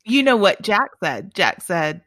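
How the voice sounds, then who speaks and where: A woman's voice: mid-range voice, big pitch swings, a little slow, a bit bright, dry recording, studio quality. A woman co-hosting a casual chat, mostly giving brief supportive replies. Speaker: podcast co-host.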